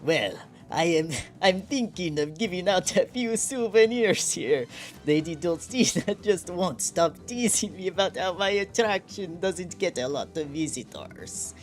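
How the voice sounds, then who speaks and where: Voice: medium pitch, animated, unhurried, faint music behind, pitched above the performer's own voice, close to an everyday voice. A streamer voicing a fussy blood fiend attraction keeper in a hammy mock Dracula accent. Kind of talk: reading game dialogue aloud on stream.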